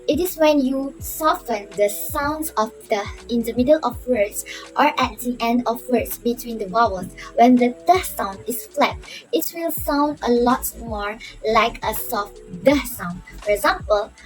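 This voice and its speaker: A woman student reads her part of a class presentation carefully and steadily, with the odd slip. Her voice is fairly high, and faint music plays underneath. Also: measured pace, low-quality recording. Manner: careful, steady reading with small slips.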